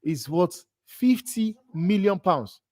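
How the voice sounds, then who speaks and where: A man's voice: high-pitched, expressive, slow, a little mellow, no echo, studio quality. A man hosting a live football watch-along, ranting in disbelief about transfer rumours and repeating himself. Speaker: host.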